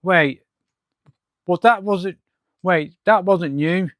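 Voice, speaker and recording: A man reading the lines of a scheming male mad scientist villain from a comic, halting with fillers. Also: high-pitched, fairly bright tone, no echo, clean studio sound. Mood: boastful.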